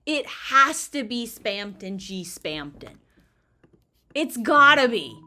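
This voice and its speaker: A young woman with a fairly high voice gushes, swears and laughs while she plays a game on stream. She talks into a desk mic, with faint game music running under her voice. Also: slow. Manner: excitable, swearing, laughing, gushing. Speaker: gaming streamer. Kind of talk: excited casual let's-play commentary.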